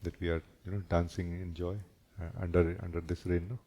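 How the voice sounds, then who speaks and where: A man, a spiritual teacher, giving a gentle and reflective satsang talk, often closing his sentences with a questioning "no?". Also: low voice, little pitch movement, brisk.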